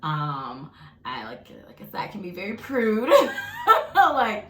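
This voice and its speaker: A young woman chatting casually to her viewers while eating, animated and often laughing. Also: mid-range voice, slow pace, pauses often, slight background noise. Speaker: vlogger. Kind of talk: casual mukbang chat. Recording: echoey room.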